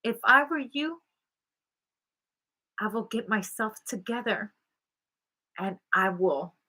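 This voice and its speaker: A woman voicing a shrewd, blunt, wealthy older mother-in-law while retelling a story, her voice dropping lower and quieter. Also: lively intonation, slow, exaggerated voice. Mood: cool, confiding.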